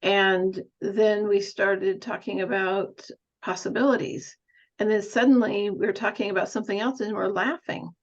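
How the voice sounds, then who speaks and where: A woman's voice: medium pitch, steady tone, normal speed, dull audio. A woman nurse coach giving a thoughtful, musing talk on coaching, with an occasional light laugh.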